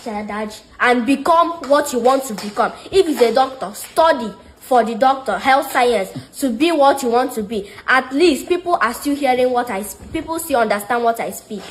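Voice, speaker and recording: A woman's voice: fairly high pitch, expressive, moderate pace, few pauses, slight background noise, lightly acted, rough recording. A woman playing a stubborn Igbo father with a Nigerian Igbo accent, lecturing and indignant, mixing Igbo into his English.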